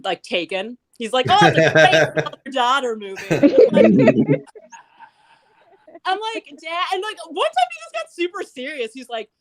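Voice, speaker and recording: A young woman performing a stand-up comedy set, chatty and rambling, often laughing at her own jokes. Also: medium pitch.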